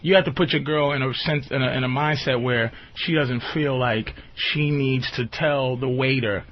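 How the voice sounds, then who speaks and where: A man's voice: mid-range voice, steady tone, normal speed. A man hosting a radio talk show, joking loosely and often asking whether the listener understands. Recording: lo-fi radio recording.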